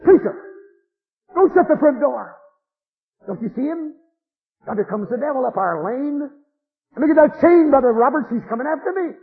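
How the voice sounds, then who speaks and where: Preacher playing a panicked dying man, shrieking high and frantic, over a thin radio line. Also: animated, normal speed, long pauses. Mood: terrified. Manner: screaming, frantic, pleading. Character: terrified dying rich man seeing the devil. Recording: tinny phone-like radio broadcast.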